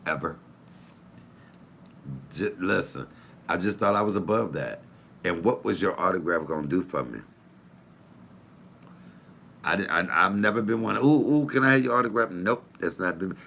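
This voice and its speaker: A man talks loosely to his viewers. His voice sits deep yet comes out bright and forceful. He tells animated stories full of cussing and teasing asides. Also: a little hiss or hum. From Detroit, USA. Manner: animated, swearing storyteller with playful asides. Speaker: comedian hosting a live chat show. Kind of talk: casual chat to viewers.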